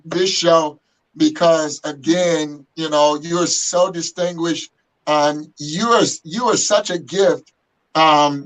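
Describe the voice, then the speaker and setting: Slow-talking man podcast host. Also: a little high, a bit bright, poor audio. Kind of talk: casual interview chat.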